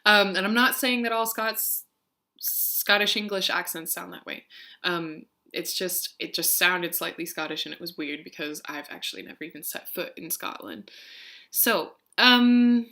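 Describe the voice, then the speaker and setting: A woman's voice: lowish voice, measured pace, gravelly, sharp tone. A young woman vlogger who reads out a word list and a poem, then chats with frequent ums and laughs. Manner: chatty, laughs often, many ums. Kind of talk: reading a word list and poem, casual chat.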